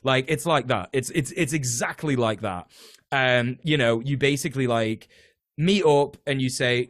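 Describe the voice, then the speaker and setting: A man's voice: medium pitch, normal speed, fairly bright tone, no echo, clean studio sound. A British man talking casually about organizing renters, rambling with lots of fillers and restarts and the odd swear word. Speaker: podcast guest, tenants union organizer. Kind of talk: casual political chat.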